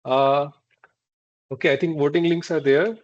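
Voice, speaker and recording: A man's voice: fairly high pitch, fairly even intonation, unhurried. A man hosting a club meeting on a video call, speaking in a friendly, hesitant way with many fillers. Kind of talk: casual online meeting talk. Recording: dull lo-fi call audio.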